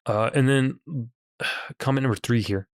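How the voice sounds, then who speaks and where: A man's voice: medium pitch, unhurried, smooth, dry recording, studio quality. A man co-hosting a comedic podcast, reading listener comments aloud and riffing with frequent laughs and restarts. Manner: laughs often, reads comments aloud and tells stories with restarts. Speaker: podcast co-host. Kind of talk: casual comedic podcast chat.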